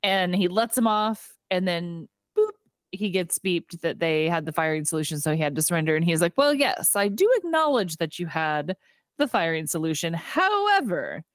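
A woman co-hosting a casual movie podcast, retelling scenes and acting out the lines in quick voices. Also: fairly low pitch, big pitch swings, no room sound, clean studio sound. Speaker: podcast co-host. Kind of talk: casual movie recap chat.

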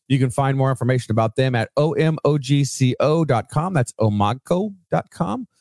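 A man's voice: mid-range voice, animated, moderate pace, a little mellow, no echo. Casual male podcast host, dry sound. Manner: casual, swears, reads sponsor plugs with asides. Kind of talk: casual podcast chat and sponsor reads.

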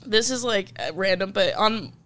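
Young woman podcast host, joking asides, bright clear voice. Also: mid-range voice. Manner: quick, joking interjections. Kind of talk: casual chat.

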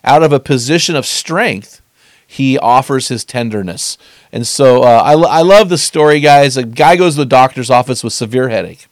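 A middle-aged man teaching on scripture in an earnest, conversational way, slowing down to stress key phrases. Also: medium pitch, no echo, clean studio sound.

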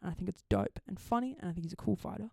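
A young Australian woman co-hosting a podcast and telling a story in casual chat. She talks in an animated way, laughs often and swears freely. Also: on the low side, rapid-fire, creaky, husky, dry recording, studio quality. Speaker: podcast co-host.

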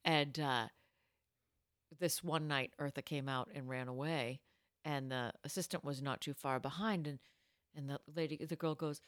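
A woman's voice: sits low, moderate pace, a bit bright, dry recording, studio quality. A young woman co-hosting a podcast, chatting casually and telling anecdotes with frequent laughter. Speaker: podcast co-host. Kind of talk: casual chat, storytelling.

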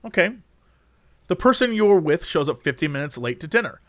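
A young man with a slightly high voice hosts a casual chat. He reads quiz questions aloud and jokes and curses about the answers. The sound is dry and close, with no room echo. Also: very animated, fairly quick, a bit bright. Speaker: host.

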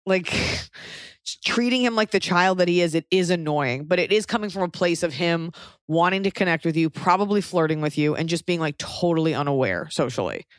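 A woman's voice: lowish voice, expressive, moderate pace, no room sound. Young woman on a podcast, blunt and sweary, dry close mic. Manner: blunt, sarcastic, swears freely. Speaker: podcast co-host. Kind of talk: casual chat, advice.

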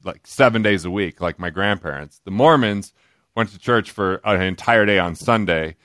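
A man from Utah, a podcast guest, telling stories in an animated, joking way. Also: low voice, dry recording, studio quality. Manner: animated, jokey, quoting others in quick asides. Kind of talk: casual storytelling.

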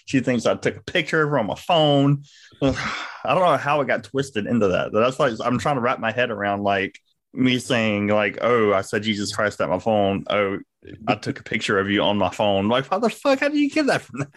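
A man's voice: on the low side, moderate pace, a bit bright, no room sound. A young man with a Southern accent and a lisp, telling a rambling story at speed as a podcast co-host, laughing and swearing often. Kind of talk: casual chat.

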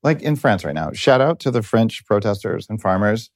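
A man's voice: fairly low pitch, lively intonation, normal speed, dry recording, studio quality. A middle-aged man hosting a casual interview, talking in a rambling way that often breaks off and circles back. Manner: rambling, tangential, self-interrupting. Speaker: podcast host.

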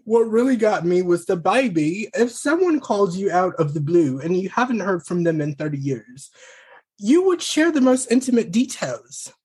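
A podcast co-host in a casual reality-TV gossip chat, animated, laughing often and swearing freely. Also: mid-range voice, moderate pace, breathy edge.

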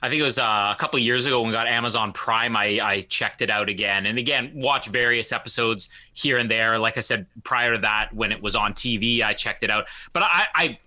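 Hesitant man with a very bright voice. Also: mid-range voice. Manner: hesitant, many fillers and restarts. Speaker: podcast co-host. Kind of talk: casual chat.

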